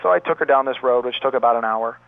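A man's voice: medium pitch, fast talker, gravelly, no room sound. A man who runs a pain therapy clinic, earnestly telling a long story from his practice as an interview guest. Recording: dry, tinny phone line.

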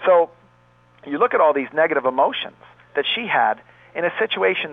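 A man's voice: on the high side, expressive, a little fast, gravelly, pauses often, no room sound. A man who runs a pain therapy clinic, earnestly telling a long story from his practice as an interview guest. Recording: dry, tinny phone line.

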